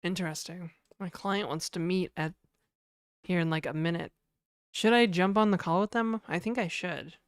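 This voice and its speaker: A woman's voice: on the low side, fairly even intonation, normal speed, clear, resonant tone, dry recording, studio quality. A woman live-streaming, chatting casually and reading her chat aloud, with lots of fillers.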